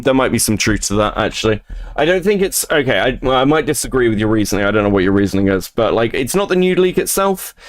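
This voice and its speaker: A man streaming live, ranting casually and profanely about online drama. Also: mid-range voice.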